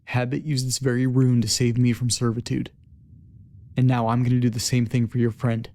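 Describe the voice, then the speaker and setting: A man voicing Firebrand, a calm, smug male demigod, speaking in an unhurried drawl. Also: medium pitch, close to an everyday voice.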